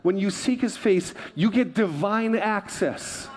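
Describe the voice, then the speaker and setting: A man's voice: high voice, animated, takes it slowly, a little mellow. Joking man preaching a sermon. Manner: chatty, joking, repeats himself. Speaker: pastor.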